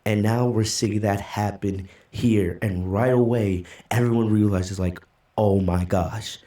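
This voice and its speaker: A man's voice: lowish voice, fairly even intonation, a little slow, warm tone. A man hosting a casual reaction video, recapping a manga chapter with loose fillers while holding back tears. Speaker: manga reaction channel host.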